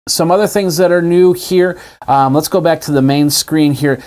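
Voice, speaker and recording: A man's voice: fairly high pitch, moderate pace, a little mellow. A man hosting a casual tech video, chatting his way through a tablet demo indoors. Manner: chatty, demonstrating on screen as he talks. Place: indoors at a desk with a TV and monitor.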